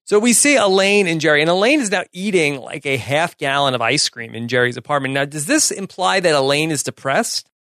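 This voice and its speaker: A man's voice: a little high, animated, brisk, fairly bright tone, no echo, clean studio sound. A man co-hosting a podcast, easygoing in casual chat, recapping an episode with brief replies. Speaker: podcast co-host.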